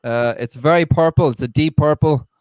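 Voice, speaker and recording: A man's voice: fairly high pitch, normal speed, a little mellow, clean tone, no room sound. A young man doing a stand-up set on a video call, rambling and self-deprecating with stammering restarts. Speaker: stand-up comedian. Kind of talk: online stand-up set and casual chat.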